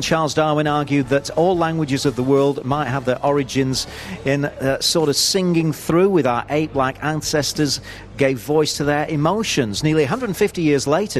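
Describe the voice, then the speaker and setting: Easygoing man radio co-host. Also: fairly high pitch. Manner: easygoing, explains stories. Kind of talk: casual radio banter.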